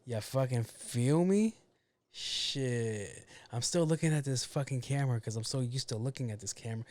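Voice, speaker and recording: A man's voice: medium pitch, measured pace, darkish tone. A man hosting a casual solo podcast, ranting bluntly with a lot of swearing and grumbling to himself about his own mistakes. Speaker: podcast host.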